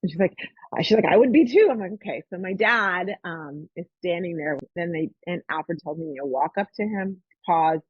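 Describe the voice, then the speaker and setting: Her voice sits lowish and slightly rough at a moderate pace as she, a podcast host, relates a personal story in relaxed talk and voices its characters with energy. The sound is lo-fi with no echo.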